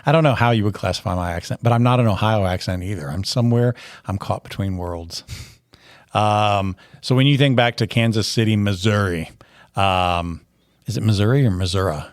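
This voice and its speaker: Man, lowish voice, general American accent, teasing host, casual chat, dry sound. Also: moderate pace, no room sound. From Tennessee. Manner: chatty, jokey, teasing. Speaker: teacher and podcast host.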